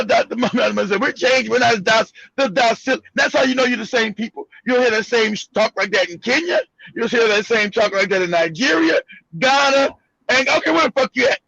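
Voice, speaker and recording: A man with a very high, gravelly and husky voice rants through heated commentary, blunt and profane, often repeating himself. The sound is dry and dull, with a lo-fi quality. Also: sharp tone, no room sound. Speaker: host. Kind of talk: heated commentary on news clips.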